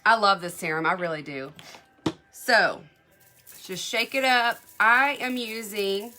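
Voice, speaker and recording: A woman's voice: medium pitch, pushed and bright. A woman selling beauty products in a live makeup demo, chatty and gushing, answering viewer comments as she goes.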